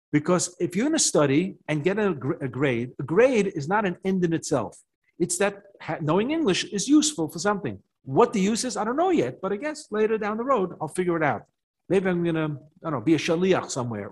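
An older American man, a rabbi, giving a Torah talk to a live audience and telling a story with rising excitement. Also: a little high, a little fast. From United States. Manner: animated storytelling, rises in excitement.

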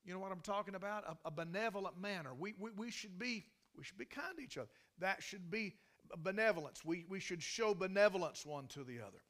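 A man's voice: high-pitched, lively intonation, a little fast, a bit bright. A man preaching a sermon in a folksy, emphatic way, often restarting his sentences. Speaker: pastor.

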